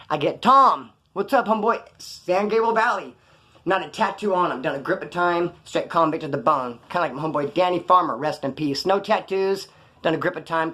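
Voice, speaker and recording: A man's voice: fairly high pitch, a bit bright. A man telling stories in casual, slangy street talk. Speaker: storyteller recounting prison life. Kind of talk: casual spoken storytelling.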